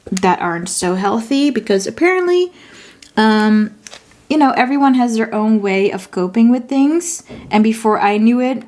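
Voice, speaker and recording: Slow-talking Dutch-accented woman vlogger. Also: medium pitch, a little mellow, slight background noise. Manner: chatty, thinks aloud, corrects herself. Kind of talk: casual chat while journaling.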